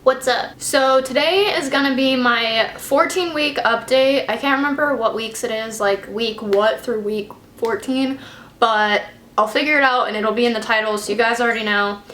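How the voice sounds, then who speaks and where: A woman's voice: a little high, normal speed, fairly bright tone, a little hiss or hum. A young woman chatting casually to camera in a vlog, a bit out of breath, rambling with lots of fillers. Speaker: vlogger. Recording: echoey room.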